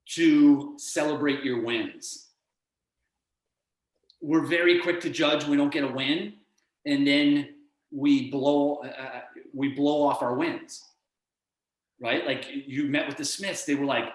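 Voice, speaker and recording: Energetic man coaching over a call. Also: on the high side, slow, long pauses, roomy sound, poor audio. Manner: energetic, acts out other people's voices. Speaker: performance coach and guest. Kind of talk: motivational coaching talk. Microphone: video call.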